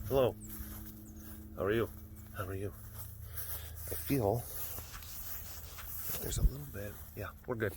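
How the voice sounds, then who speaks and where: A man's voice: on the low side, unhurried, long pauses, background noise. A man hosting a casual vlog at an outdoor animal compound, chatting playfully and cooing baby talk at the cats. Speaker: host.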